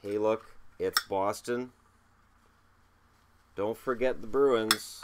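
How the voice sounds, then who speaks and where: A man with a cold talks through his collection in a relaxed vlog, cracking jokes at his own expense as he counts. His voice sits on the low side. A faint background hum runs under the recording. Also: slow pace. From Canada. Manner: joking, self-mocking, counts items aloud. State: has a cold. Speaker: hockey video host. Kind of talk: casual show-and-tell vlog.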